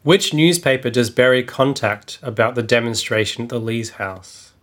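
A man's voice: medium pitch, moderate pace, fairly bright tone. A man co-hosting a podcast, answering and asking quiz questions in a dry, joking, casual way. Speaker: podcast co-host.

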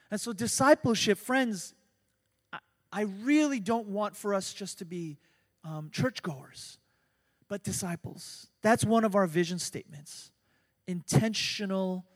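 Pastor, male, middle-aged, high voice, dynamic sermon delivery with loud peaks, big hall reverb. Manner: dynamic preaching, swings from soft to loud emphasis.

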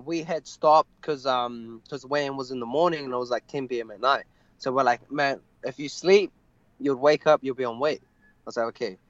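Young man, fighter, interview guest, halting with fillers, dry dull recording. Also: medium pitch, fairly bright tone, no room sound. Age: young adult. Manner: halting, many fillers and restarts. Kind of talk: casual interview storytelling.

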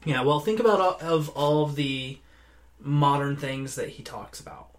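A man's voice: a little high, moderate pace. Man, podcast host, casual chat, teasing, easy laughter.

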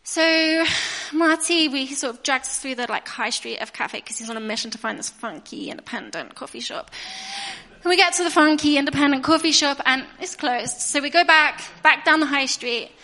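British woman, 30s, high bright voice, chatty sermon storyteller, reverberant hall. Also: expressive, moderate pace. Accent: British English. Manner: chatty storytelling, acting out her own asides. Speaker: guest preacher. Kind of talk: narrative-style sermon. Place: church hall. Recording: long reverb of a church hall.

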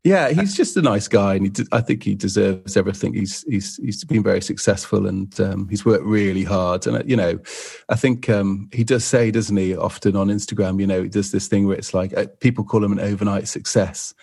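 A man's voice: fairly low pitch, brisk, gravelly, a little mellow, breathy edge. A man, a photographer guest on a podcast, chatting in a rambling way with lots of fillers. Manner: rambling, lots of "you know". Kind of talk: casual podcast chat.

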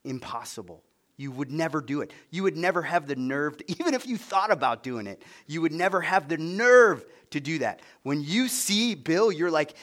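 A male pastor preaching a sermon, swinging between loud emphasis and hushed near-whispers, with stammering restarts. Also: on the high side, lively intonation, measured pace.

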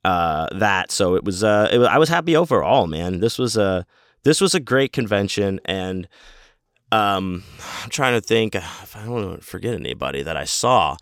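A man's voice: on the low side, animated, normal speed, fairly bright tone, no room sound, studio quality. A man casually telling a rambling story about a convention trip, laid-back and swearing freely. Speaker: convention vendor.

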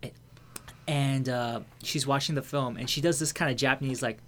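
A man's voice: mid-range voice, fairly even intonation, normal speed, fairly bright tone, slight background noise. An American man telling a personal story in casual conversation. He talks candidly, swears freely and fills his speech with restarts and fillers.

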